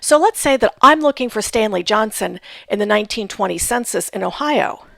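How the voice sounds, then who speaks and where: A woman's voice: mid-range voice, expressive, brisk, vocal fry, a bit bright, no echo, clean studio sound. A woman giving a patient instructional talk on family history research, spelling out names letter by letter. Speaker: genealogy instructor.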